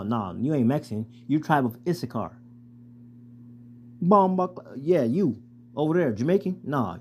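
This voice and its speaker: A man casually preaching and reading scripture aloud, with profane, street-style, animated talk. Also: a little high, slight background noise. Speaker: scripture teacher.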